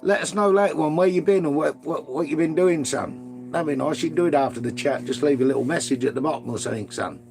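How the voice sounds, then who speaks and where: A man's voice: a little high, quick pace, vocal fry, over music. Man, middle-aged, casual livestream chat, swears freely, calls people mate. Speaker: livestream host reading chat.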